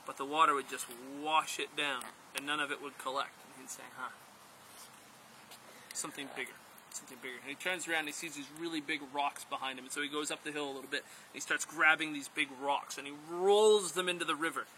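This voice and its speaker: A man telling a story aloud to a group, playful and animated, speaking directly to his listeners. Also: fairly high pitch, fast, hardly any pauses, background noise. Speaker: storyteller and outdoor instructor.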